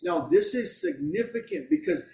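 Man, pastor, middle-aged, high voice, sermon, emphatic and conversational, roomy echo, faint background noise. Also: wildly swooping pitch, normal speed, creaky, darkish tone. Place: church. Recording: echoey room, voice from a distance.

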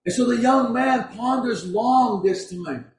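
Slow, high-voiced preacher in an echoey hall. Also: male voice. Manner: storytelling preacher, slow and deliberate. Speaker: pastor. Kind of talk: sermon. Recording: echoey room from far off.

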